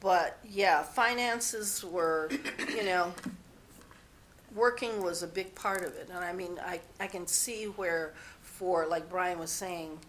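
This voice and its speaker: A woman's voice: fairly low pitch, takes it slowly, a bit bright, a little hiss or hum. Candid woman telling her life story. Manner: rambling, candid, often restarts sentences. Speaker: interviewee. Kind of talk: personal storytelling.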